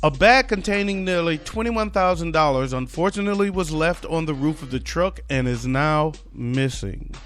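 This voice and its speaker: A man's voice: on the high side, expressive, normal speed, hardly any pauses, a bit bright, soft background music. A man hosting a comedic news talk show, reading odd stories with loose, profane wisecracks. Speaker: podcast host.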